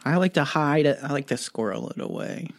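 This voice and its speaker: A man with a slightly high voice co-hosting a laid-back comedy podcast. He tosses in goofy, deadpan asides during easy banter. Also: a little fast. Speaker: podcast co-host. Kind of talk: casual comedic chat.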